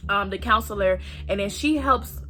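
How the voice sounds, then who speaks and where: A young woman casually telling a story to her viewers, animated and profane, talking to them directly and acting out the voices of people in it. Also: mid-range voice, normal speed, soft background music. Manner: acts out quoted voices. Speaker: storytime vlogger.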